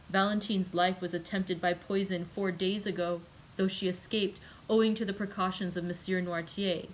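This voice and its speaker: A woman's voice: mid-range voice, slight background noise, close to an everyday voice, poor audio. A woman reading as an impassioned young man. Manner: impassioned, pleading. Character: passionate grieving young man.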